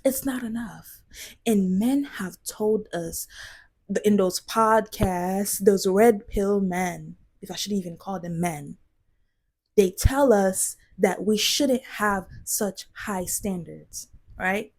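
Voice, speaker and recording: Woman vlogger, husky voice, passionate and emphatic, dips into near whispers. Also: medium pitch, takes it slowly, a little mellow. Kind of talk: casual commentary to camera.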